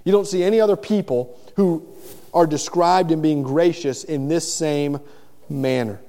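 A middle-aged pastor preaches in an earnest, plainspoken way, restarting phrases as he goes. His voice sits a little high for a man but sounds mellow and warm. The sound rings out with the long reverb of a large hall. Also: a little slow. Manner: earnest, repeats words at the start of phrases. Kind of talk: sermon.

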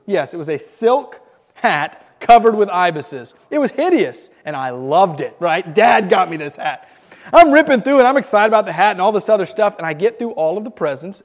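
With a long reverb tail behind his high voice, a Miami man in his thirties talks at a moderate pace about Christmas memories to a group. He's animated but keeps stumbling and repeating himself.

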